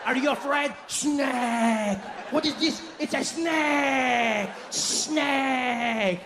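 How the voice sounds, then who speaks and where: A man acting out a loud, teasing French father with a French accent who shouts taunts in a stand-up set. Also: very high-pitched, very slow, background noise, voice pushed up, full character voice. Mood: taunting. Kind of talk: stand-up comedy act-out. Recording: echoey live venue with faint ambience.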